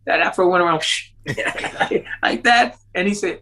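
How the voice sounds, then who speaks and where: As a guest in an interview, this man spins a lengthy tale at a moderate pace with hardly any pauses, captured on a rough recording. He laughs a lot, and when quoting others his pitch shoots up as he imitates them.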